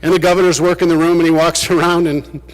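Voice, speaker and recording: A man's voice: a little high, flat delivery, fast talker, slight background noise. A man giving a farewell speech to fellow legislators, telling anecdotes with dry humor. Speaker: state legislator. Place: large legislative chamber. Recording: long reverb of a big chamber.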